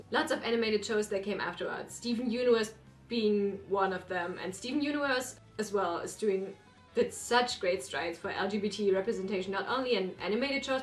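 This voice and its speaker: A woman hosting a reaction video, chatting casually and rambling, with apologetic asides. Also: medium pitch. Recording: roomy echo.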